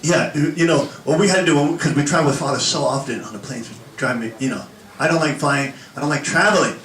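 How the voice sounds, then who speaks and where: A man preaching a sermon, animated and laughing often as he acts out little scenes for the congregation. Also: fairly high pitch, fast talker, roomy sound, far from the mic, a little hiss or hum, low-quality recording. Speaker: pastor. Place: church hall with an audience.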